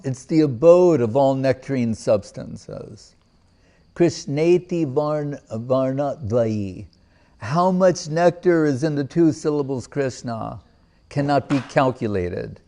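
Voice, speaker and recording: Male spiritual teacher, mid-pitched voice, slow and deliberate. Lectures to a live audience and explains verses through rhetorical questions. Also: warm tone. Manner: asks rhetorical questions and answers them; recites verses in Sanskrit and Bengali and explains them. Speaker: spiritual teacher giving a discourse.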